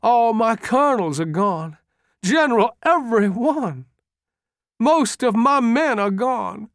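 A man voicing a bewildered, tearful young general who pleads in a high, cracking voice. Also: expressive, slow, fairly bright tone, dry recording, studio quality, heavily acted. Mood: anguished.

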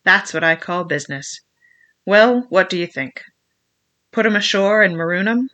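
A reader doing Long John Silver, gruff scheming pirate. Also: mid-range voice, lively intonation, normal speed, bright, forceful tone. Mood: menacing. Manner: gruff, persuasive, menacing. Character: ruthless scheming old male pirate cook. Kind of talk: audiobook reading.

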